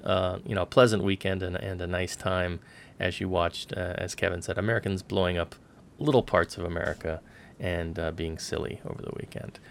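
He's a podcast co-host with a gravelly, fairly low-pitched voice. The talk is casual and loose, full of meandering asides and filler words.

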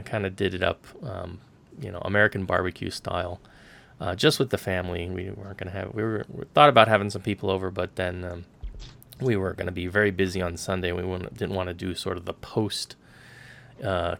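Gravelly low-voiced man co-hosting a podcast. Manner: relaxed, rambling with many fillers. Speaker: podcast co-host. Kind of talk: casual chat.

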